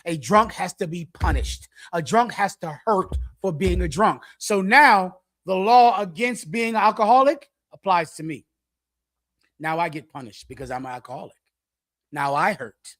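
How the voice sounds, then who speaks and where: Man preaching on scripture, kinda high voice, dry no-room sound, repeats himself hard. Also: no echo. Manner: forceful, repetitive, acts out an addict's pleading. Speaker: teacher leading a scripture breakdown.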